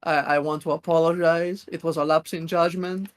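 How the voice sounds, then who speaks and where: A man's voice: on the high side, little pitch movement, a little fast. A man playing a tabletop game who jokes around, stammering and hesitant as he talks. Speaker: player. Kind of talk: casual banter before a tabletop game.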